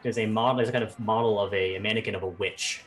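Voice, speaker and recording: A man running a tabletop game as game master, narrating in an animated, rambling way with lots of fillers. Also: lowish voice, fast talker, faint music behind.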